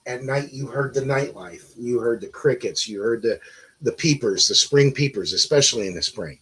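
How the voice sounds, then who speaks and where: A middle-aged man with a husky, slightly breathy voice, chatting on a live stream. He tells his stories in long, meandering runs. He swears freely and backs up to restart his sentences. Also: medium pitch, a bit bright, rough recording. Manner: rambling, profane storyteller, restarts often. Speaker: guest. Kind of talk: casual live-stream chat.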